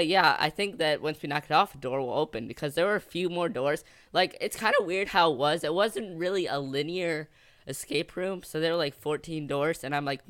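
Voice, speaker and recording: A teenage guy tells a story to his channel in a rambling, excitable way, full of fillers. His voice sits a bit high and comes through smooth and clear. The sound is dry and close, with no room behind it. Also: no echo. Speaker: gaming channel host. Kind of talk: story time narration over gameplay.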